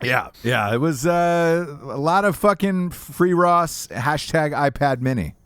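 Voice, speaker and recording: A man's voice: fairly high pitch, expressive, takes it slowly, a bit bright, smooth, dry recording. A man hosting a podcast, chatting casually in a rambling, profane way with many restarts. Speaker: podcast host.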